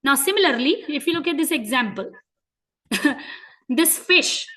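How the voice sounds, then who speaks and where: A woman with an Indian English accent leads a children's class. Her voice is high and bright. She keeps asking the children questions and tells her examples with lively, animated storytelling. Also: unhurried, poor audio. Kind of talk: interactive lesson for children.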